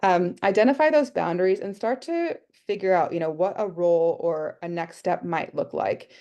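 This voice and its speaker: On a video call, an Australian woman leads a casual online workshop at a moderate pace, her voice lowish and dark in tone. She chats freely, thinks aloud, and leans on many fillers.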